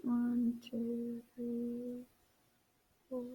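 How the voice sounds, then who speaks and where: A woman's voice: on the high side, monotone, drawn-out words, husky, narrow, tinny audio. Tired woman teacher counting aloud. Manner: talks while drawing, counts aloud, corrects own slips. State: tired, yawning. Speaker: math teacher. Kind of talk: recorded math lesson walkthrough.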